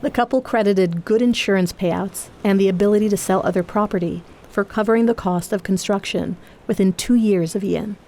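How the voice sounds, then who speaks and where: A woman narrates a documentary in a mellow, darker tone, with a faint hum of ambience underneath. Her delivery is measured and even, clearly scripted. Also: medium pitch.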